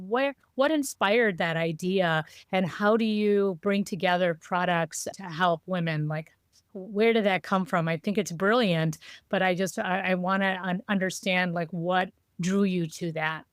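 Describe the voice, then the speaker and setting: A woman's voice: fairly low pitch, unhurried, smooth, dry recording, studio quality. A middle-aged woman hosting a podcast, asking questions curiously with small restarts. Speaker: podcast host. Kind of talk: casual interview chat.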